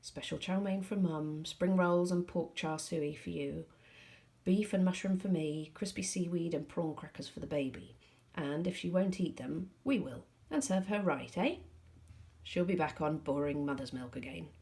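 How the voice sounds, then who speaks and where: A woman's voice: deep voice, moderate pace, vocal fry, a little mellow. A woman voicing a jolly, teasing middle-aged father in a storybook. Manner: cheerful, joking.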